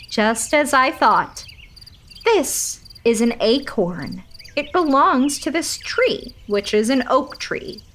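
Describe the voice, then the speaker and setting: A woman's voice: a bit bright, a little hiss or hum, exaggerated voice. Woman voicing a fussy mother hen. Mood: knowing. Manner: prim and reassuring, then shrill panic. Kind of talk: children's storybook reading.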